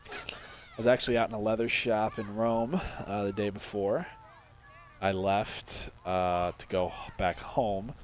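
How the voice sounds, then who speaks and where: Young man calling a lacrosse game. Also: lowish voice. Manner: steady play-by-play, then chatty and loose in asides. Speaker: play-by-play commentator. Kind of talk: live sports commentary and booth chat.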